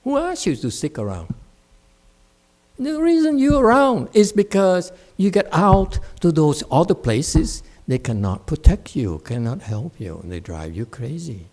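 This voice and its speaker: A man's voice: a little high, very animated, a little slow, darkish tone. A man, a Buddhist monk, giving a dharma talk to his class in a blunt, scolding and mocking way. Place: meditation center.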